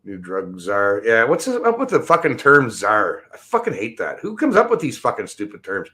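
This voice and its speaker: A man's voice: mid-range voice, huge pitch swings, moderate pace, sharp tone. A man ranting casually and bluntly on a livestream, swearing often and drifting from topic to topic. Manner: profane, rambling and blunt. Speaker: livestream host.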